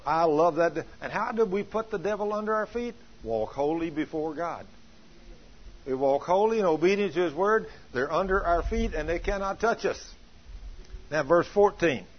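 A man's voice: fairly high pitch, expressive, normal speed. A man preaching a sermon, telling stories earnestly and acting out the voices of the people he quotes. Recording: dull lo-fi recording.

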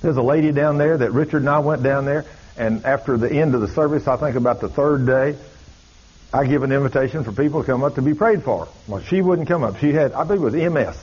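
A man's voice: mid-range voice, quick pace, darkish tone, slightly rough. A man preaching, telling a story in a folksy, dramatic way. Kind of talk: sermon storytelling. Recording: dull lo-fi recording.

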